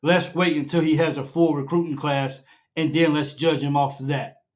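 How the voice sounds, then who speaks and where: A high-pitched man hosts a fan reaction show. He hammers his points with preacher-like repetition and climbs toward a shout. He speaks into his own camera setup. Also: little pitch movement, moderate pace. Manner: emphatic, preacher-like repetition, rising to near shouting. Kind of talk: casual sports reaction chat. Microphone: own camera setup at home.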